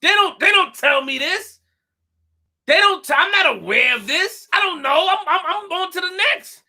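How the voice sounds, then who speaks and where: In a forceful, bright, very high-pitched voice, a young man rants on his live stream with animated boasting at normal speed. He repeats phrases emphatically and trips over his words.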